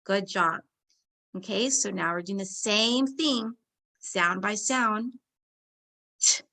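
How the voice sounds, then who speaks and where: Slow, bright-voiced woman teaching phonics. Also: medium pitch. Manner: slow, encouraging, sounds out words and blends. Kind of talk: phonics lesson for young children.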